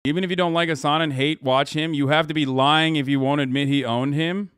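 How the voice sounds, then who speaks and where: A man's voice: a little high, steady tone, fairly quick, a bit bright, smooth, dry recording. A man in his thirties hosting a livestream, reacting to a debate with a heated, profane, sarcastic rant into a studio mic. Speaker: livestream host.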